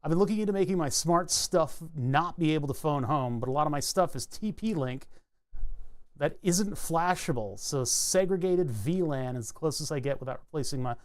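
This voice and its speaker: Guy on a live stream, a bit high voice, muttering and restarting his sentences while he debugs. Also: expressive. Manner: muttering, halting, self-interrupting while debugging. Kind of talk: casual live-stream thinking aloud.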